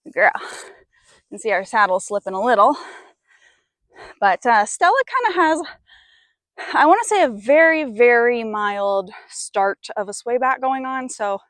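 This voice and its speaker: A woman's voice: a little high, big pitch swings, measured pace, long pauses, fairly bright tone, no echo, studio quality. A woman horse trainer talking through a training session on a clip-on mic, chatting to viewers and cooing praise to her horse. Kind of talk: mic'd-up training commentary. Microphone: clip-on mic while working a horse.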